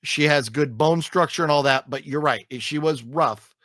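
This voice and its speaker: Man, movie review host, animated, profane, high-ish voice, dry close sound. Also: normal speed, no room sound. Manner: animated, profane, acts out scenes in mocking voices. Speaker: film reviewer, podcast host. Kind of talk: casual movie review chat.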